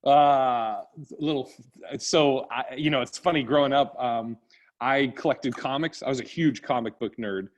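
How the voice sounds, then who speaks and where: A man's voice: mid-range voice, a little slow. A man, a stand-up comedian guest, telling childhood stories in casual chat over a video call, laughing often and acting out voices.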